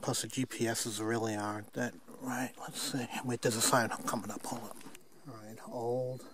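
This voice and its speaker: A rambling older man narrates his hike into a handheld camera on a forest trail, self-mocking and quick to chuckle. His voice sits at a middle pitch, with faint outdoor noise behind him. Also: flat delivery. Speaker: hiker filming his hike. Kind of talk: casual hiking vlog. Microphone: handheld camera mic.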